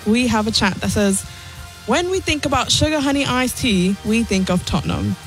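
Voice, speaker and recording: A high-voiced woman chats on a sports radio show, giggly and playful. Her talk is loose and casual, with a faint bed of music under it. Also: animated, normal speed. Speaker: show team member giving soccer picks.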